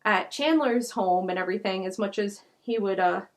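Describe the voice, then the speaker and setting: A woman's voice: mid-range voice, normal speed. Casting note: woman, true crime podcast host, casual rambling storyteller, filler-heavy, indignant asides. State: out of breath.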